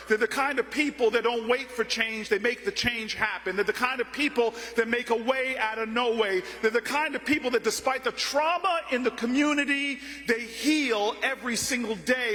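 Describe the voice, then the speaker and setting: A man's voice: very high-pitched, pushed and bright. A man giving an impassioned speech at an event, telling stories with rhythmic repetition. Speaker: political speaker. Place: large event hall. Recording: long hall reverb.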